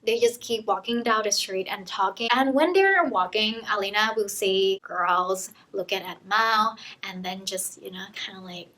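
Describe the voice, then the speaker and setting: A woman's voice: mid-range voice, measured pace, hardly any pauses, bright, forceful tone, low-quality recording. A young woman giving a casual book summary in a chaotic, chatty, profane way. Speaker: book vlogger.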